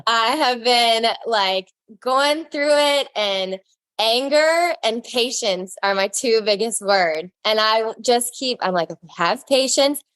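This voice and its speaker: A woman's voice: fairly high pitch, slow, a bit bright, smooth, no room sound. A woman in a casual podcast conversation, speaking reflectively and explaining ideas through quotes and examples.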